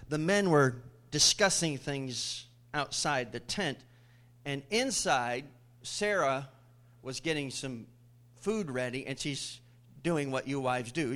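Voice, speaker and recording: A male pastor preaching a sermon, calling out questions to the congregation and making humorous asides, jumping much higher and louder when he voices scripture characters. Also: animated, unhurried.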